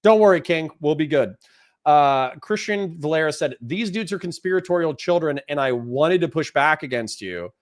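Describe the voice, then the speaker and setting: A man's voice: fairly high pitch, lively intonation, normal speed, no room sound, studio quality. A man streaming live, reacting to a video clip and talking casually with his chat, bursting into exasperated outbursts.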